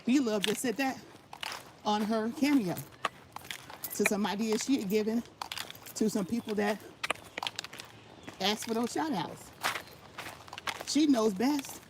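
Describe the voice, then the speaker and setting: A woman's voice: a little high, slow, long pauses. Emphatic woman vlogging over background noise. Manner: emphatic, repeats her points for stress; talks while walking laps. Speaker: vlogger giving channel tips. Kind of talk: casual motivational vlog talk. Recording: noisy background.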